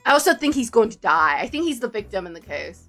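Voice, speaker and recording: A woman streamer narrating a visual novel with playful, jokey, excitable asides. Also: on the high side, quick pace, soft background music. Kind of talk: playful game commentary and narration.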